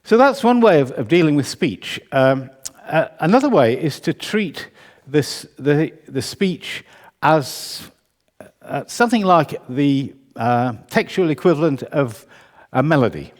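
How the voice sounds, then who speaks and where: A man's voice: fairly high pitch, lively intonation, unhurried. UK man, composer's lecture, wry and chatty, hall reverb. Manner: conversational, wry, self-correcting. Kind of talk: public lecture. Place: concert hall.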